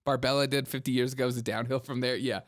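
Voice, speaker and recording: A man's voice: mid-range voice, steady tone, fast, dry recording, studio quality. A man hosting a comedic commentary show, mocking clips sarcastically and laughing often.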